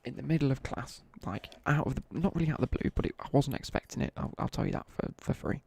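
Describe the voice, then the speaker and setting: Talking fast, this young Midlands streamer wanders through school anecdotes full of slang while playing a game and chatting with his audience. The voice is mid-range and gravelly, a little mellow and slightly rough.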